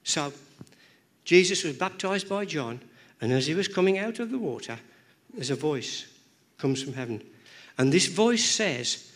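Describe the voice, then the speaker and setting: Slightly high-voiced male preacher, repeating for emphasis. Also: animated, unhurried. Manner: repeats words and phrases, rhythmic, emphatic. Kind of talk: sermon. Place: church.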